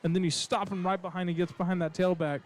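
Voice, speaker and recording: A man doing color commentary for high school football, chatty and joking, with plenty of fillers. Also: level tone, quick pace.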